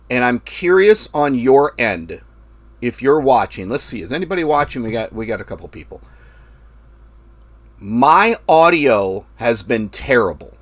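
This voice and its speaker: A man's voice: medium pitch, a bit bright, dry recording. A man hosting a forex trading livestream, talking loosely and projecting his voice with the mic right at his mouth. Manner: loose, rambling, curses casually, projects voice close to mic. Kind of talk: casual live-stream talk. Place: traveling, recording himself. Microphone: mic held very close to mouth.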